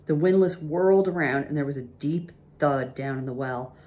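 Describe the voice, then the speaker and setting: A woman reading a children's chapter book aloud, gently pausing to show pictures. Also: low voice, dull audio. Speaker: reader.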